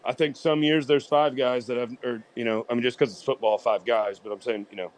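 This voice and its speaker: A man co-hosting a relaxed sports talk show, with a middle-pitched voice. He rambles and circles back over his points, padding them with fillers. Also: brisk. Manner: rambling, repeats himself with many fillers. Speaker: co-host.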